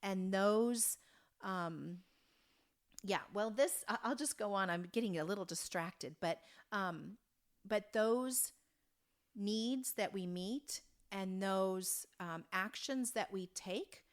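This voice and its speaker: A woman in her fifties from Oregon, a podcast guest telling a story in an earnest, halting way with many restarts. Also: medium pitch. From Oregon, USA. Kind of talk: conversational storytelling.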